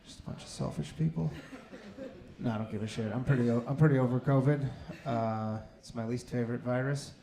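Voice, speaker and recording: A man's voice: mid-range voice, brisk, gravelly, dark tone. A man doing a stand-up comedy set with dry, sarcastic crowd work and plenty of swearing. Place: comedy club stage.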